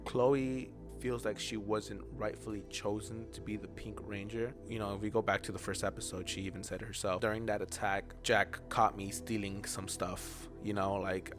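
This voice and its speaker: A young man casually recapping a show episode, rambling and chatty, with lots of "you know" and "like.". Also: on the low side. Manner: drops to an aside whisper now and then. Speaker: recap host. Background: background music.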